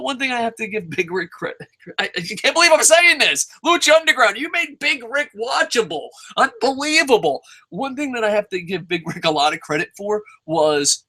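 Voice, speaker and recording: Excitable, foul-mouthed young man ranting. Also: sits high. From New Jersey. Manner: excitable, rambling, heavy swearing, self-mocking. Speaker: wrestling show reviewer. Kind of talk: casual profane review rant.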